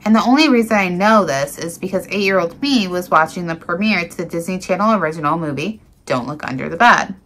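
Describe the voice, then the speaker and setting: A woman's voice: lowish voice, animated, brisk, hardly any pauses, fairly bright tone. A woman reading viewers' paranormal encounter stories aloud in an earnest, dramatic way, with small slips and restarts.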